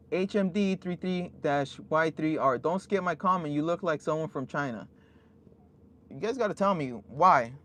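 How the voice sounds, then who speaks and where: A man streaming from his van, casually reading out chat messages in a laid-back, halting way. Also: fairly high pitch, a bit bright. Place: inside a parked van.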